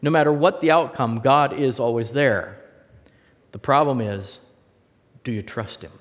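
A man preaching a sermon with illustrations and a closing prayer, talking earnestly, rising for emphasis and dropping soft. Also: mid-range voice, measured pace, big-room sound.

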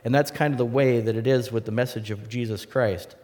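A man preaching a sermon to a congregation, telling stories in a lively way and acting out the voices. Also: medium pitch, brisk, big-room sound. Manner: animated storytelling, acts out voices.

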